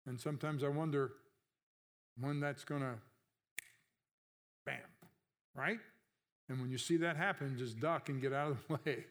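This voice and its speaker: A man's voice: mid-range voice, steady tone, moderate pace, a bit bright. A man pastor delivering a conversational sermon, asking the congregation rhetorical questions and lifting his voice sharply on emphasized words.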